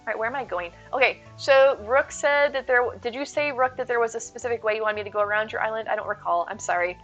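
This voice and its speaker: Chatty woman streamer, kinda high voice, dull lo-fi sound, quiet game music under it. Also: fast. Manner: bubbly, chatty, thanks viewers often. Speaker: live streamer. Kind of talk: casual chat while gaming.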